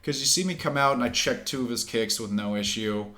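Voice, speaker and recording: Animated man telling fight stories. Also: medium pitch, fairly quick, a little hiss or hum. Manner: animated storyteller who acts out quotes and laughs. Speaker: pro fighter and podcast co-host. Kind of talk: casual podcast chat.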